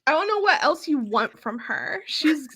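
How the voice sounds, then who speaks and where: A woman's voice: high voice, very animated, fairly bright tone. A woman hosting a podcast, chatting casually and emphatically as she recaps a reality show. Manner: emphatic, quick to agree. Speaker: podcast host.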